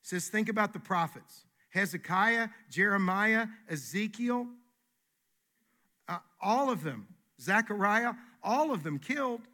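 A man's voice: high-pitched, animated, measured pace, sharp tone. A man preaching a sermon as pastor, emphatic and folksy, repeating his key phrases.

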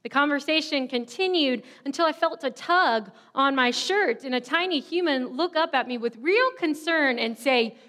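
Lady pastor in her thirties telling a candid story in her sermon, kinda high voice. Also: animated, a little slow, fairly bright tone. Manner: candid, storytelling, self-deprecating.

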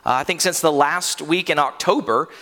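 Long hall reverb surrounds a man in his thirties preaching in a church sanctuary, his voice on the high side and sharp at normal speed. The pastor sounds earnest and conversational, with frequent fillers and restarts.

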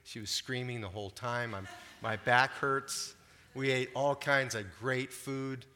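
An older male pastor delivers a conversational sermon, turning often to the congregation with questions. His voice is bright and forward. The sound rings with the long reverb of a church hall. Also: mid-range voice, steady tone, a little slow, a little hiss or hum.

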